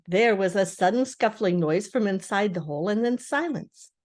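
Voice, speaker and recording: An older woman, a grandmother, reading a children's storybook aloud in a gentle, expressive way. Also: mid-range voice, a little fast.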